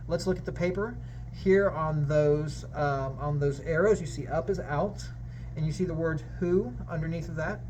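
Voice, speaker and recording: A man's voice: on the high side, darkish tone, a little hiss or hum. A man teaching a harmonica lesson, encouraging and upbeat, talking straight to the learner. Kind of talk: friendly instructional lesson.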